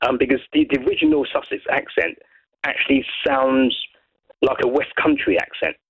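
A man from Brighton calling in to a radio show, chatting in a rambling way with many restarts. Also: medium pitch, normal speed, vocal fry, slightly rough. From Brighton, England. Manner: rambling, lots of restarts, lively. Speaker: caller. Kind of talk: casual phone-in chat. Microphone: telephone. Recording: muffled phone line.

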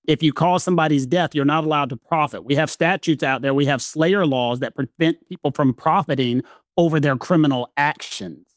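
High-voiced Southern American man, emphatic. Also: fairly quick, no echo, clean studio sound. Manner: emphatic, lecturing, repeats phrases for weight. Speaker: legal commentator co-host. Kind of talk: podcast discussion.

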